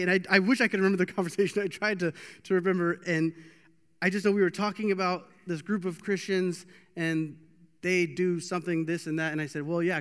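A man's voice: sits high, clear, resonant tone. A young man preaching a casual, joking sermon with lots of restarts, in a church hall. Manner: animated, joking, with many restarts. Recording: long hall reverb.

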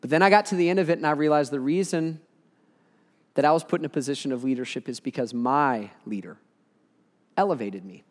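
A man preaching a sermon, telling a funny personal story in a relaxed, conversational way. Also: on the high side, brisk. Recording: long hall reverb.

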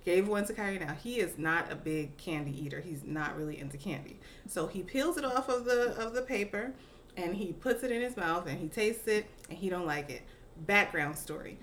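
A woman's voice: fairly low pitch, expressive, normal speed, a bit bright, a little hiss or hum. A woman co-hosting a casual podcast, cheerfully telling a family story and laughing often. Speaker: podcast co-host.

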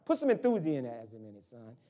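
This male pastor, medium in pitch and normal in speed, preaches with lively energy. His sermon weaves in stories about his family, complete with acted-out voices of his mother and father.

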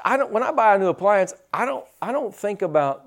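Lively, animated preaching man. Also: high voice, fairly quick. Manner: lively preaching with asides and teasing humor. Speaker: pastor. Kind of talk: sermon.

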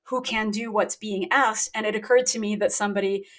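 A woman author talking in a relaxed interview over a remote connection, thoughtful and quick to laugh at herself. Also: mid-range voice. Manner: thoughtful, self-deprecating, laughs often. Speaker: guest author. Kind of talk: casual interview talk. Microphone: remote call.

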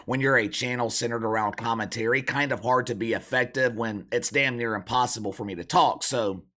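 A sick man with a hoarse, croaky voice hosts a sports commentary monologue. His tone is bright and forceful in spite of the rasp. He is blunt and sarcastic as he gives his opinions. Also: mid-range voice, fairly even intonation, fairly quick. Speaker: sports commentary channel host.

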